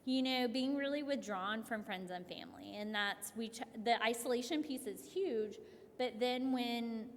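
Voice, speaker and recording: Woman speaking in a reverberant hall. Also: a little high. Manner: conversational, animated storytelling with many restarts and "like". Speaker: clinician speaking at a family workshop. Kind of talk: workshop talk with storytelling. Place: event hall.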